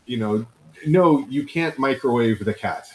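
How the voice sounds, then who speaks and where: A man's voice: mid-range voice, expressive, measured pace, a little mellow, slight background noise, poor audio. A man co-hosting a podcast in casual chat, telling stories and acting out the voices of people he quotes. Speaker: podcast co-host.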